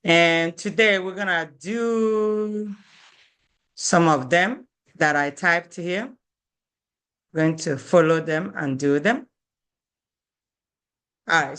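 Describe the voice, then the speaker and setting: This is a language teacher in the middle of a lesson, speaking at an unhurried pace at a mid pitch. The teacher repeats every phrase several times and keeps checking that the students follow. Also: a bit bright, smooth. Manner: patient, repeats each phrase, checks in with "okay?".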